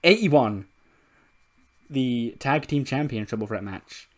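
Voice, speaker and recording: A man casually narrating his wrestling management game at a middling pitch. He rambles loosely, drops in fillers, and swears freely as he goes. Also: expressive, takes it slowly. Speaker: let's play creator.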